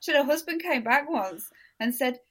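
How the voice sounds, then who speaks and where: A woman's voice: lively intonation, normal speed. A woman, a podcast guest telling funny stories in casual chat, laughing often. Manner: chatty storyteller, laughs a lot, mimics others in high voices.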